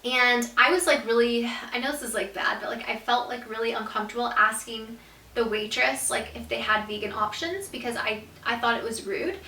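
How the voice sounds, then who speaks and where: A young woman vlogger telling a storytime story, animated and casual, with lots of "like" and some swearing. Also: fairly high pitch, moderate pace, roomy sound, far from the mic. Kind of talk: storytime vlog.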